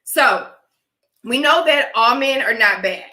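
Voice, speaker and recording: A woman hosting a live stream talks through her opinions emphatically, often checking in with viewers by repeating "all right?" and coughing dryly from allergies. Her voice is fairly high, expressive, and sharp in tone, at a slow pace with a roomy sound.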